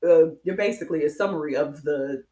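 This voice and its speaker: A woman co-hosting a casual chat, frank and animated, laughing often. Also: sits low, fairly quick, roomy sound.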